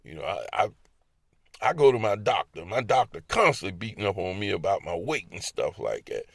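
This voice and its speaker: Creaky, lowish and a little fast, this very animated Baltimore-accented voice belongs to a man recounting personal stories in a casual monologue. He laughs often as he acts out his inner voices, in clean studio sound with no echo.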